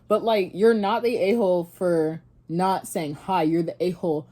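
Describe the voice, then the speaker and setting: A young woman talks through a story for her vlog, her voice a bit low and mellow. She rambles with plenty of fillers and false starts, loose and chatty. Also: normal speed. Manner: rambling, animated retelling with many fillers and restarts. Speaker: vlogger. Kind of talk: casual storytime and reaction.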